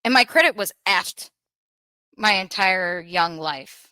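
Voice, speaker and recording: A woman telling a painful personal story in an emotional, earnest way, pausing and restarting as she holds back tears. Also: mid-range voice, animated, sharp tone, dry recording. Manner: earnest, halting, with restarts and pauses. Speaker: podcast guest sharing a personal story.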